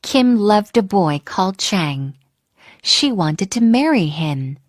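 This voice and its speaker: A woman reading a children's storybook aloud in a slow, expressive way, acting out the characters. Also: mid-range voice, dry recording, studio quality.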